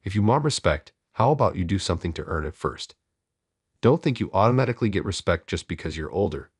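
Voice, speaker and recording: A man's voice: low voice, animated, fast talker, slightly rough, dry recording, clean studio sound. A man voicing a group of rude young male thugs, taunting and insulting.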